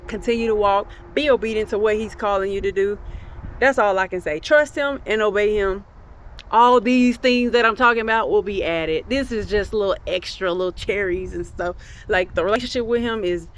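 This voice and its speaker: A young woman telling a personal faith testimony in a casual, chatty way, speaking straight to her viewers and laughing often. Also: mid-range voice. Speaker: vlogger sharing faith testimonies.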